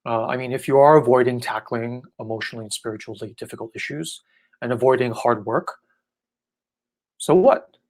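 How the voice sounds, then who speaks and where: Man, spiritual teacher, easygoing irreverent Q&A voice, mid pitch, keeps asking "right?". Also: fast. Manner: relaxed, irreverent, often asks "right?". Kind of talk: casual live online Q&A.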